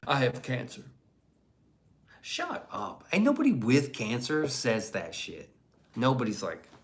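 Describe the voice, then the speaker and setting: Give me a blunt, foul-mouthed man chatting on a livestream with a lively, animated voice. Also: medium pitch. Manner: blunt, profane, rambling. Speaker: livestream host reading chat. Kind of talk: casual livestream chat.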